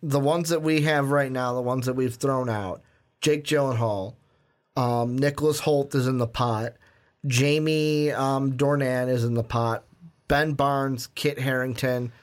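A man co-hosting a casual film podcast, animated and steering the talk, with frequent "um"s. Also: medium pitch, a little slow. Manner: animated, steers the conversation with many "um"s. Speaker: podcast co-host. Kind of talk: casual chat.

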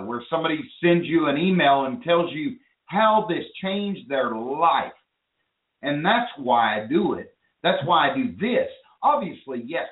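Excited man hosting a call-in show. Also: fairly high pitch. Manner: enthusiastic, rambling, with restarts. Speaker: show host. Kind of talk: call-in radio talk show. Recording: phone-line audio in an echoey room.

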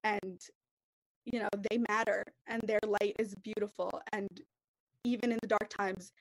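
A woman's voice: mid-range voice, fairly even intonation, normal speed, no room sound, low-quality recording. A young woman in a podcast group discussion, talking earnestly and rambling with lots of fillers. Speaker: podcast participant.

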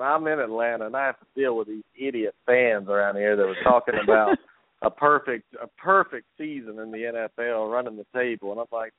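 A man hosts a casual sports talk show, ranting and laughing as he needles the local teams. His voice is mid-pitched and comes through a tinny, phone-like line with a dry, close sound. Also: no echo. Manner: ranting, laughs between jabs. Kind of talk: casual sports radio rant. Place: lives in Atlanta.

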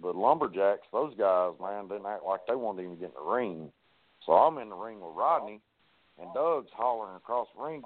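Male guest, low voice, animated and profane storyteller, phone-quality audio. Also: fairly quick. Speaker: wrestler guest. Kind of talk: casual storytelling on a podcast. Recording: tinny phone-like line.

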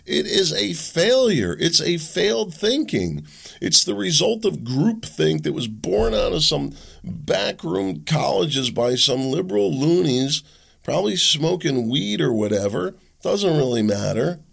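A man's voice: on the high side, big pitch swings, a little slow, creaky, breathy edge. A man hosting a talk show, delivering a rambling, sarcastic, opinionated monologue. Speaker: host.

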